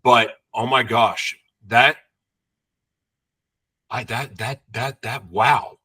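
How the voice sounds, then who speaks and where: Man, bright tone, podcast host, excited and halting. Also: medium pitch, husky. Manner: effusive, laughing reactions, halting. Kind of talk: casual interview chat.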